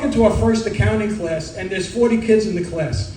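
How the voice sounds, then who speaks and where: A middle-aged man from Brooklyn with a New York Italian accent, doing a stand-up comedy set with rapid-fire one-liners and deadpan punchlines. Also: high-pitched, slight background noise. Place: comedy club stage. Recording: roomy club sound from a distance.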